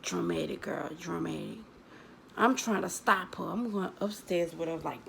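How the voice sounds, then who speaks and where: A woman's voice: on the low side, moderate pace, gravelly, a bit bright, slight background noise, poor audio. A woman telling a story from her school days to her viewers in a chatty, dramatic way, calling them girl and baby. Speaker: storytime vlogger.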